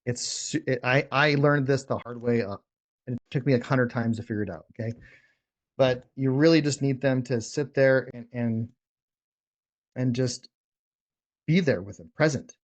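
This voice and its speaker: This wholesaling coach has a medium-pitched voice, talks at normal speed and leaves long pauses. His casual lesson on negotiating sales is blunt and emphatic, with many restarts.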